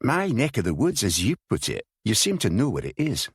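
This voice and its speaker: A secretive officer with a hint of a Scottish accent , played by the narrator, answers in short, irritated lines. The tone is clipped and guarded, and the recording is dry and close. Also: male voice, lowish voice, huge pitch swings, a little fast, breathy edge, no echo, full character voice.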